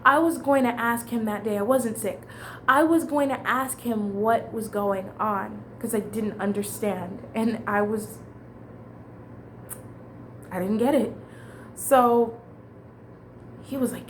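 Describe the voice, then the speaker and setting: A woman's voice: fairly high pitch, a little slow, long pauses, slight background noise. A young adult woman telling a casual storytime monologue, candid and rambling, restarting her sentences and swearing freely. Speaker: vlogger.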